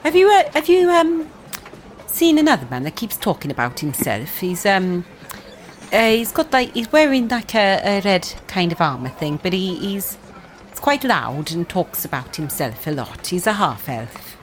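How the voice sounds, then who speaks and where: Brief: woman doing a bubbly, rambling adventurer in a tabletop game, voice swooping widely in pitch. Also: sing-song, normal speed, slight background noise, close to an everyday voice. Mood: friendly. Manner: eager, rambling, hesitant with many fillers. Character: friendly, chatty young woman adventurer. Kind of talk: playing a character in a tabletop game.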